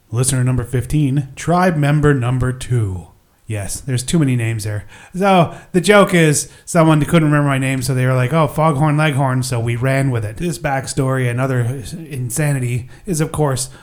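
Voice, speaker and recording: A middle-aged man hosting a solo podcast, talking casually in a rambling, self-deprecating way with lots of fillers. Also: medium pitch. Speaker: podcast host.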